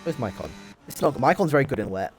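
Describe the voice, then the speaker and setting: A young man giving excitable, sweary live commentary on a sim race while bantering with his chat. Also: medium pitch, fast, faint music behind.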